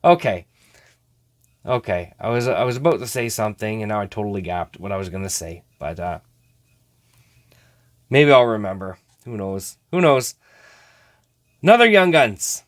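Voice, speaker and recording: A man's voice: lowish voice, animated, moderate pace, long pauses. A man hosting a casual card-opening vlog, chatting to viewers as he sorts through cards. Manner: chatty, talks to viewers while sorting cards. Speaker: host.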